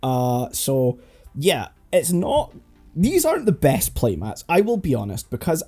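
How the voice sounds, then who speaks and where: A man's voice: on the high side, wildly swooping pitch, unhurried, warm tone, faint music behind. A man hosting a podcast, patiently explaining game rules step by step with a casual tone. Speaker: host teaching the card game.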